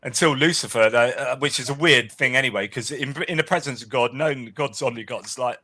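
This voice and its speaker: A man's voice: mid-range voice, brisk, few pauses, pushed and bright. A man speaking as a guest in a casual discussion, arguing animatedly and often checking in with "right?". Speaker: guest author.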